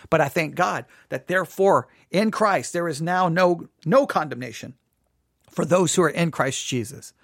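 A man teaching in a sermon style, answering listener questions, earnest and animated, often repeating words and restarting. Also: sits high, gravelly, no echo, studio quality. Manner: earnest, animated, acts out imagined people.

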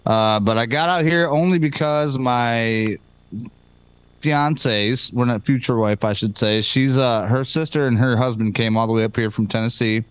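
A man's voice: mid-range voice, normal speed, clean tone. A man with a Midwestern American accent, a guest on a live podcast, telling rambling, profane stories. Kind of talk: casual live podcast chat.

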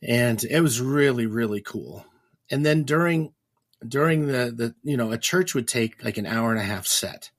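A man, a Christian minister and podcast guest, telling stories in a casual, animated way and acting out the dialogue he quotes. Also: medium pitch, moderate pace. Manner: animated storyteller, acts out quoted dialogue with restarts. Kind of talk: casual storytelling.

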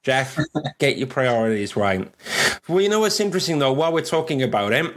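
A man's voice: medium pitch, sing-song, a little fast, slight background noise. Chatty man hosting a stream. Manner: chatty, joking, puts on silly robot voices. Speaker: livestream co-host. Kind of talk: casual chat.

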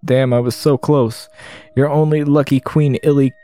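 A man's voice: mid-range voice, steady tone, moderate pace, warm tone, lightly acted. A man voicing a taunting female villain in a game, close to his own voice. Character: scheming villainess, female adult.

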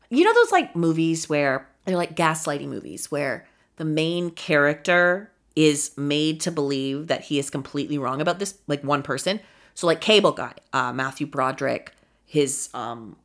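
A woman with a deep voice hosts a podcast, giving a casual, animated recap. She swings between mumbled asides and loud exclamations.

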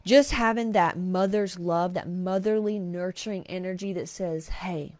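Candid woman, low dry voice. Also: normal speed, a little mellow, dry recording. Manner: emotional, confessional, frequent swearing. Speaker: podcast host. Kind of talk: candid personal storytelling.

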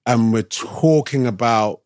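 A man talks as a guest in a relaxed interview, spinning a story and slipping into the voices of the people in it. His voice sits at a middle pitch. The sound is dry and close, with no room around it. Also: takes it slowly, dry recording. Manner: animated storyteller who acts out other people's lines. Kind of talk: casual storytelling chat.

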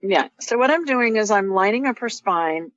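An intuitive healer hosting call-in radio reassures listeners while describing her visions in a chatty way. Her mid-range voice is animated and a bit bright, at a moderate pace. The audio is dry and muffled, with no room sound.

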